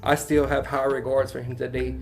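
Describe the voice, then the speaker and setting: A man with a Cajun accent tells a story from his own life as a podcast guest. His delivery is animated and casual, full of Southern turns of phrase and quick laughs. His voice sits at a middling pitch. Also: creaky, soft background music. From Louisiana bayou country.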